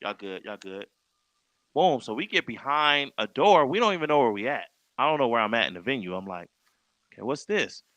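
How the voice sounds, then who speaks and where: Bright-voiced man telling a story. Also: medium pitch, a little fast, dry recording. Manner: animated, acts out quoted dialogue. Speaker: podcast host. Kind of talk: casual storytelling chat.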